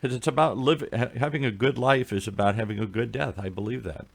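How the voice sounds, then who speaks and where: A man's voice: mid-range voice, fast, gravelly. A middle-aged man co-hosting a radio talk show, chatting and telling stories with many restarts. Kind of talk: casual talk radio conversation.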